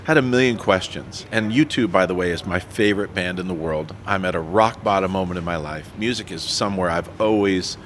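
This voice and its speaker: A man with a low voice sits in as a podcast guest and tells his story with animated energy. He pokes fun at himself and acts out the lines people said to him, with a faint hiss under the recording. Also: fairly quick, few pauses. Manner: self-deprecating. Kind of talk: storytelling interview.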